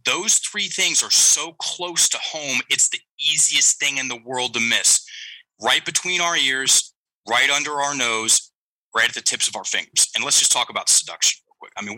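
Middle-aged male coach guest, lively storyteller who acts out his characters; very bright, forward tone, dry close mic. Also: mid-range voice, no echo, low-quality recording. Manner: animated storyteller, acts out quoted lines. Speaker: guest, breathing and language coach. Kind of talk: storytelling interview talk.

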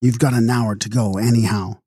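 A man's voice: medium pitch, fairly even intonation, a little fast, mellow, husky, no echo, studio quality, close to an everyday voice. A man voicing an impatient famous dancer woman who snaps curtly. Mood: snappish. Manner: curt, snappish.

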